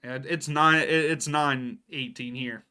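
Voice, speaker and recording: A man's voice: mid-range voice, steady tone, unhurried, bright, forceful tone. A young adult man doing casual live match commentary for a watchalong stream, reacting to plays and answering viewers by name. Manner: casual, reacts to plays and reads out chat names.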